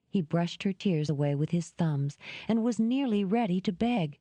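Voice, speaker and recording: A woman reading a romance novel aloud in a measured, even narration. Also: lowish voice, dry recording. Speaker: audiobook narrator. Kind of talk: scripted narration.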